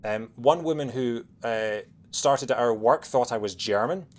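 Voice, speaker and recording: A man with a Scottish accent softened by years in England, chatting quickly while streaming a game, with lots of fillers and restarts. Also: mid-range voice. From Scotland. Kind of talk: casual chat while playing a game.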